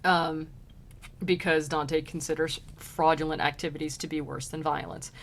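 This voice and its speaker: A woman's voice: low voice, fairly even intonation, moderate pace. A woman streamer reading an old poem aloud and retelling it in casual slang, laughing often.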